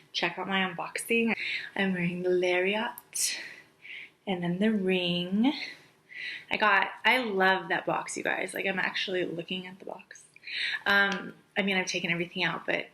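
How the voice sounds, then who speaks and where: Bright-voiced, chatty, breathless woman vlogger. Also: mid-range voice, steady tone, a little slow, rough recording. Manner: chatty, gushing, drops to a whisper on praise. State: out of breath, pregnant. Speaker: makeup artist and beauty vlogger. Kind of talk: casual beauty review chat.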